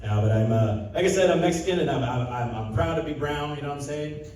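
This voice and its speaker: A young male stand-up comic from Southern California performs a set on a casino stage before a live audience, doing chatty crowd work and loose storytelling with acted-out quotes. His voice is on the high side, fast, and a little mellow. The room is very echoey, so he sounds a bit distant, with slight background noise.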